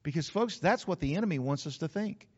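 A man's voice: a little high, lively intonation, fast, breathy edge. A middle-aged man preaching a conversational sermon, talking directly to his congregation and repeating key phrases for emphasis. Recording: muffled hall recording with long reverb.

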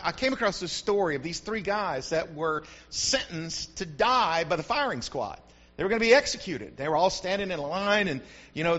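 A man preaching a sermon to his congregation, telling stories with animation and often calling out "Amen?" to the room. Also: high voice. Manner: animated storytelling, frequent call-outs to the congregation. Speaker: pastor. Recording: dull lo-fi recording.

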